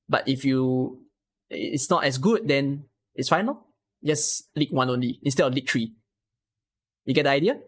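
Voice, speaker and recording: A man, coaching a viewer through a game strategy on a live stream and asking frequent rhetorical questions. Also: on the high side. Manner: explains patiently with many rhetorical questions.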